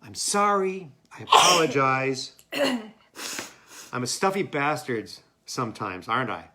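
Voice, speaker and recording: A man's voice: medium pitch, big pitch swings, takes it slowly, noisy background. A man reading a stuffy, jealous young letter writer. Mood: scolding. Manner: scolding and self-reproaching, loud in spurts. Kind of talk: staged play reading. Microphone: home mic.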